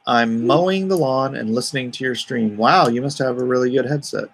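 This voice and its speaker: Middle-aged male stream host, gravelly voice at a mid pitch, rambling casual chat, reads viewer comments aloud. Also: fairly quick, a bit bright. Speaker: comic artist hosting a live stream.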